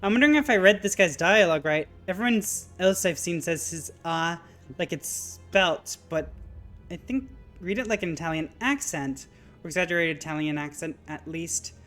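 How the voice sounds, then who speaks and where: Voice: mid-range voice, moderate pace, fairly bright tone, faint music behind. Casual streamer reading a game aloud. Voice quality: casual, chuckles at own jokes.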